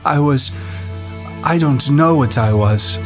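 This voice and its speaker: A performer voicing a shaken boy leader in an audiobook, speaking low and halting. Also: over music, natural voice. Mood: stricken. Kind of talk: audiobook dialogue.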